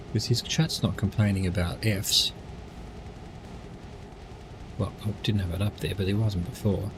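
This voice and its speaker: A man's voice: on the low side, a little hiss or hum. A man giving casual, rambling commentary while streaming a driving game. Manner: rambling, chatty asides.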